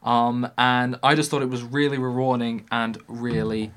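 A young man in a casual film chat, sounding earnest and enthusiastic as he lays out his view. His voice sits at an ordinary middle pitch. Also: little pitch movement, normal speed, fairly bright tone. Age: young adult. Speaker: podcast co-host.

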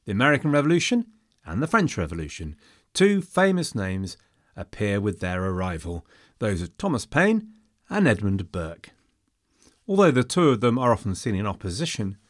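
A man's voice: lowish voice, no echo, clean studio sound. A man narrating a history episode from a script, dropping in wry, jokey asides.

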